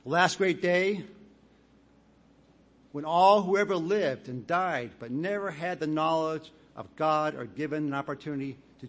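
Guy preaching a sermon, kinda high voice, slow and deliberate, reads bible verses out loud with building emphasis. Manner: measured, deliberate delivery, reads scripture aloud with rising emphasis. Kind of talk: sermon with scripture reading.

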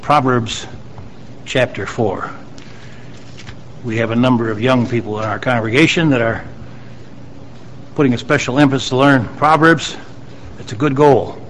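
A man's voice: mid-range voice, steady tone, normal speed, pauses often, fairly bright tone, a little hiss or hum, poor audio. A man preaching a sermon to his congregation, reading scripture aloud and stressing key lines with rising emphasis. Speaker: pastor.

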